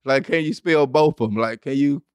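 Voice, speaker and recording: A man hosting a podcast in casual, animated comedic chat, laughing often and slipping into exaggerated voices when he quotes people. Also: mid-range voice, moderate pace, clean tone, no room sound, studio quality. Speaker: podcast host.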